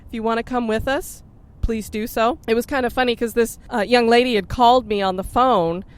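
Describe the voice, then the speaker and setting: Upbeat woman host, a bit higher voice, casual chat recorded in a car. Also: steady tone, fairly quick, clean tone. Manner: chatty and upbeat, laughs often. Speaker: podcast host. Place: in a car on a road trip. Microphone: sharing one mic with co-host.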